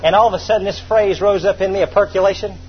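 High-voiced preacher man, dull lo-fi recording. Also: fairly even intonation, quick pace. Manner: emphatic, storytelling, repeats phrases. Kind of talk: sermon. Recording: dull lo-fi recording with faint hum.

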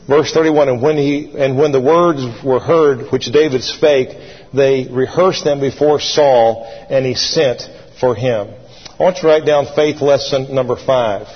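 A man's voice: mid-range voice, steady tone, normal speed, husky. A male pastor preaching a sermon, building to fervent calls for his congregation to repeat after him. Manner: preachy, rising to fervent calls and call-and-response. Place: church sanctuary. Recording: dull lo-fi sound in a long-reverb hall.

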